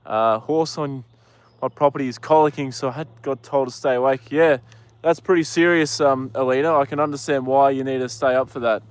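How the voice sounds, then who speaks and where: A relaxed man with an Australian accent talks casually into his phone outdoors in a paddock. He chats with viewers and speaks to the horses in a gentle, easygoing voice. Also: medium pitch, a little fast, clean tone. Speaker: livestreamer. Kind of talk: casual livestream chat.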